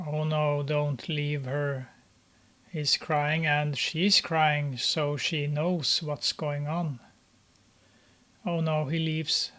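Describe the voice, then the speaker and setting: A film commentator giving casual running commentary while watching a movie, talking hesitantly with many filler pauses. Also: medium pitch, flat delivery, fairly bright tone.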